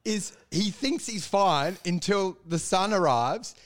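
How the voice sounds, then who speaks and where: A man with a high-pitched voice co-hosts a podcast in loose, joking conversation. He rambles through absurd stories and slips into quick impressions of the people in them. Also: expressive. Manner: rambling, jokey, acts out voices. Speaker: podcast co-host. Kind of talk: casual comedic chat.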